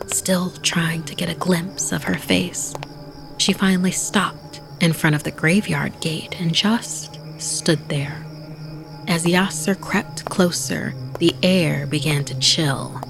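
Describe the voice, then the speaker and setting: A woman reads a creepy tale as a podcast host, her voice sitting low with a gravelly, fried edge. She keeps it hushed and slips into whispers. A music bed runs underneath. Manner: hushed, often dropping to a whisper. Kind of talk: scripted spooky narration.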